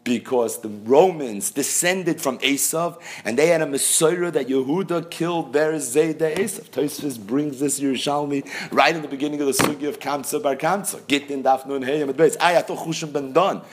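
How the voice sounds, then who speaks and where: A man's voice: fairly high pitch, normal speed, few pauses. A man teaching a Talmud class, explaining texts in English sprinkled with Hebrew and Yiddish terms. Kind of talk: Talmud lecture.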